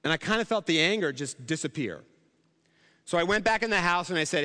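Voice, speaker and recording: High-voiced preacher in a big hall. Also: male voice, animated, quick pace, sharp tone, a little hiss or hum. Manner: conversational storytelling with rhetorical questions. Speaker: pastor. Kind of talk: sermon.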